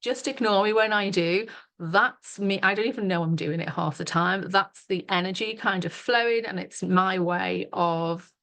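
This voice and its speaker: A woman's voice: mid-range voice, moderate pace, vocal fry, a bit bright. A middle-aged woman, leading a live online workshop as a coach in a chatty, giggly way full of fillers, over a webcam mic.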